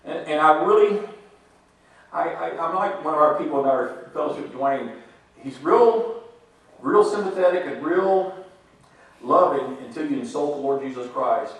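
Guy telling church stories, kinda high voice, big echo, sounds far off from the mic. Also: normal speed, long pauses. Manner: animated storytelling, quotes scripture, laughs often. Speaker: church member giving testimony. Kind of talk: sermon-like testimony. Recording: echoey hall, speaker far from mic.

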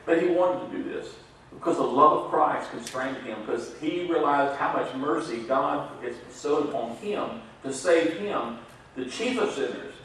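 A man's voice: a little high, animated, normal speed, fairly bright tone, slight background noise. A man preaching a sermon in a folksy storytelling way, laughing at his own jokes. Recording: echoey hall, mic far off.

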